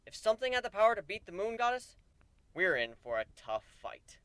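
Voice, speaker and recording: A man giving a dramatic first-person reading of a story, swinging from deadpan asides to animated outbursts. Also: high voice, fairly quick, clear, resonant tone, no room sound. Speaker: narrator.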